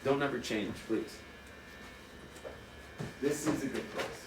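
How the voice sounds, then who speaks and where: A man's voice: mid-range voice, slow, noisy background. A man chatting casually and teasingly in a hotel room, swearing a lot, recorded from a distance. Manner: animated, profane, teasing. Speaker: vlogger. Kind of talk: casual chat. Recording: echoey room, mic at a distance.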